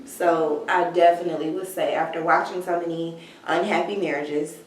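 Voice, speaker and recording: A woman's voice: lowish voice, steady tone, normal speed, slight background noise. A woman speaking candidly in a casual chat, telling an earnest personal story as a guest. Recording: echoey room, distant mic.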